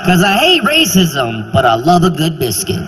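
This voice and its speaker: A stand-up comedian from South Carolina, talking in an animated way and acting out other people's voices. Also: male voice, normal speed, heavy background noise. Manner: animated, puts on voices of others, jumps high in pitch. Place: large theater stage. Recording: live hall reverb, faint ambience.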